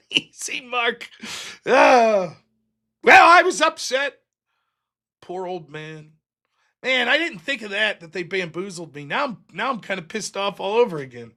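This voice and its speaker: A man's voice: high-pitched, takes it slowly, long pauses. A man hosting a live stream, telling a story in a casual, profane monologue and acting out the other people's lines in a raised voice. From United States. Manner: profane, animated, acts out quotes in raised voices.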